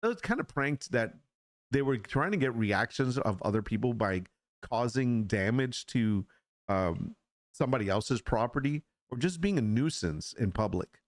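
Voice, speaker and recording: A man's voice: medium pitch, expressive, normal speed, no room sound, clean studio sound. A middle-aged man hosting a casual solo podcast chat, rambling and frank, often repeating words as he restarts a thought. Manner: frank, opinionated. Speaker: podcast host.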